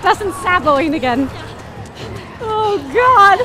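A woman streamer reacting to a game, jumpy and excitable, often screaming, laughing and swearing. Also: high-pitched, slow pace, long pauses, over a noisy crowd. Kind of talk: live gameplay reactions. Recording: game noise under the voice.

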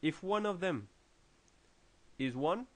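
A man with a French accent explaining programming logic in a tutorial, halting with many fillers and restarts. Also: a little high, lively intonation. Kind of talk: screen-recorded coding tutorial.

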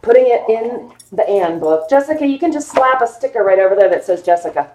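A woman's voice: fairly high pitch, animated, brisk, mellow, a little hiss or hum. A woman hosting a live stream sale of vintage books, chatting playfully and gushing over each one. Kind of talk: casual live sale chat.

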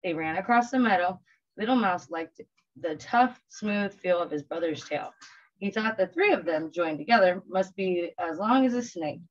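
A woman's voice: lowish voice, moderate pace, highs cut off. Woman teacher reading a storybook. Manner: gentle, expressive storytelling. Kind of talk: reading a picture book aloud to children.

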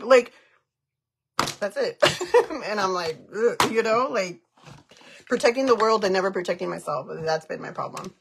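A woman's voice: medium pitch, moderate pace, vocal fry, long pauses, a little hiss or hum. A woman in her thirties chatting candidly on a live stream while taking off her makeup, emotional and frank, dropping in Spanish slang. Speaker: vlogger doing a live stream. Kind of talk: casual chat while removing makeup.

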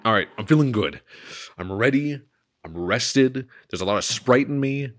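A let's play commentator gives casual gameplay commentary at a normal speed, his medium-pitched voice full of lively intonation. He swears often and makes self-mocking jokes.

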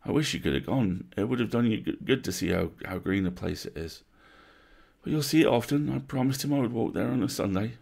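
A poor, loving clerk and father from a storybook, mild and pleasant but breaking with grief, as the narrator puts him on. His voice is lifted somewhat from the reader's deep, gravelly tone and keeps its husky grain. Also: lively intonation, a little fast, darkish tone, full character voice. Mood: tender. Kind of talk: storybook reading.

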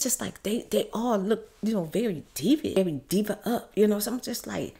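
A woman's voice: medium pitch, moderate pace, darkish tone. Middle-aged woman, emotional vlog storyteller, tearful, slips into whispers. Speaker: ASMR story-time vlogger. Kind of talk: casual story time while doing makeup.

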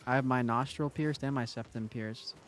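A young man live-streaming a game, his voice sitting at an ordinary middle pitch. He talks loosely and jokingly to his chat, teasing viewers and tossing off quick asides while he plays. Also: fairly even intonation, a little hiss or hum.

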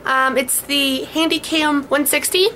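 A woman chatting in a casual vlog into a camcorder, bubbly and excited, with many fillers. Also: sits high, unhurried, a little hiss or hum. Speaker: vlogger.

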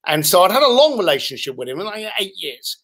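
A man's voice: high voice, very animated, fairly quick, a bit bright. A man, a podcast guest, telling anecdotes with animation and acting out the voices of the people in them. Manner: acts out other people's voices while telling stories.

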